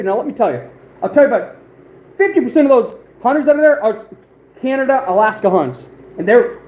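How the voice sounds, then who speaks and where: A man's voice: high voice, a little mellow. A man hosting an outdoors livestream, chatting casually and rambling with many fillers as he talks to viewers. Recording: roomy echo, faint background noise.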